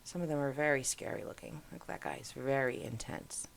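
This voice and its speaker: Low, gravelly middle-aged woman musing. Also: fairly even intonation, a little fast, slight background noise. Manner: rambling, musing aloud. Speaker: host. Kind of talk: casual screen-share commentary.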